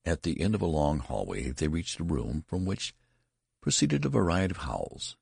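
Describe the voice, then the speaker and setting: Very deep, gravelly male narrator. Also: sing-song, moderate pace, darkish tone, dry recording, clean studio sound. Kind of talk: audiobook narration.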